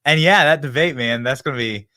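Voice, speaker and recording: A man's voice: medium pitch, fairly quick, no room sound, studio quality. A man hosting a political commentary show, mocking and sarcastic as he reacts to news and interviews a guest. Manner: mocking, sarcastic, animated delivery. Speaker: show host.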